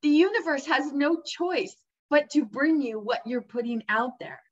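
A woman with a fairly high voice gives an emphatic, upbeat motivational talk, speaking straight to the listener as a coach would. The recording is somewhat dull and lo-fi. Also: unhurried. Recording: dull lo-fi sound.

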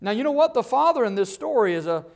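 A man preaching a Baptist sermon as a guest preacher. He asks rhetorical questions and moves between loud bursts and quiet, low asides. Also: very animated, quick pace, creaky.

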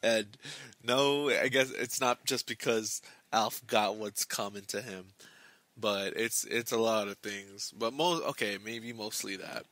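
Slow-talking young man with a bright voice. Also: lowish voice, no room sound. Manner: rambling, halting, many restarts and fillers. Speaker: book club host. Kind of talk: casual book discussion.

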